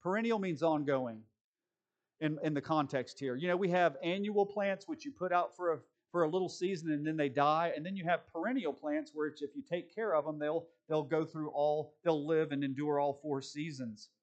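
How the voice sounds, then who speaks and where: A man preaching a sermon, moving between quick conversational asides and slow, deliberate scripture reading. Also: fairly high pitch, dull audio. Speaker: pastor.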